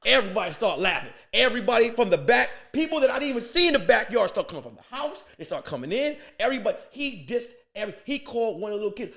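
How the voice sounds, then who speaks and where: A man from Queens, New York, a guest comedian, telling a lively comic story on a podcast and acting out other people's voices. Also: sits high, quick pace, vocal fry.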